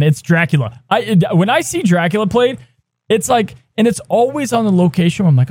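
A man co-hosting a podcast, talking in a casual, animated way and hyping up each new segment. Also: high voice, brisk, no room sound, clean studio sound. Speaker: podcast co-host.

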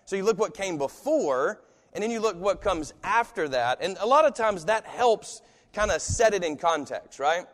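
A man preaches in a relaxed, conversational way, slipping into the voices of the people he quotes. His voice sits a little high. The sound carries a long reverb, as in a large church hall. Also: normal speed. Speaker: pastor. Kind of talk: sermon.

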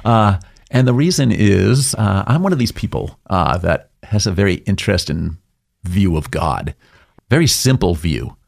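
Man, middle-aged, deep voice, gravelly, casual interview guest, joking storyteller. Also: very animated, moderate pace. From New England. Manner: jokey storyteller, acts out voices with big jumps. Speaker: interview guest, business owner.

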